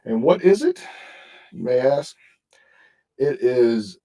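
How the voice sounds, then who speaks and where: A man's voice: sits low, gravelly, darkish tone, husky, recorded from a distance, rough recording. A man hosting a podcast, telling a story in casual chat and swearing constantly. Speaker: podcast host.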